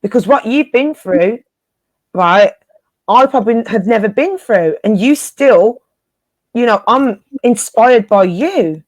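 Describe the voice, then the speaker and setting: A woman's voice: a little high, lively intonation, slow pace, a little mellow, no echo. A woman co-hosting a casual spiritual live chat, encouraging her listeners and often repeating phrases for emphasis in informal, slangy speech.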